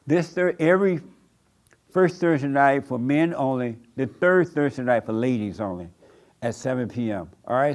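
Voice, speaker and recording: A man preaching a sermon in a church room, blunt and repetitive, with rhetorical questions. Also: mid-range voice. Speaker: pastor.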